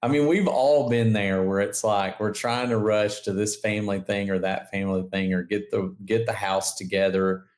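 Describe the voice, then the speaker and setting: A man's voice: on the low side, steady tone, moderate pace, hardly any pauses, a little mellow. A man co-hosting a podcast in casual chat, talking loosely with lots of fillers and laughs. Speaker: podcast co-host.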